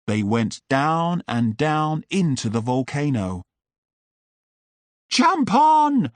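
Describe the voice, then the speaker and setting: A man reading a simple story aloud for English learners, clear and deliberate. His delivery is extremely slow, with a lively, rising and falling melody. The sound is close and completely dry. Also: medium pitch, no echo. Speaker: English teacher narrator. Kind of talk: slow audiobook narration for learners.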